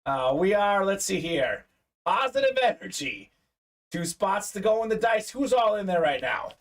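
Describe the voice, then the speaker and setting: A man hosting a live sports card break stream, excitedly hyping up buyers and reading chat messages aloud. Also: high-pitched, moderate pace. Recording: distant mic.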